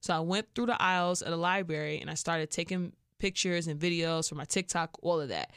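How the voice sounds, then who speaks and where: A young woman from Chicago with a Chicago accent, hosting a podcast and telling a story in a casual, animated way, acting out what people said. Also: fairly low pitch, a little fast, smooth, no echo, clean studio sound. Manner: animated, acts out quoted voices with laughs. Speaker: podcast host.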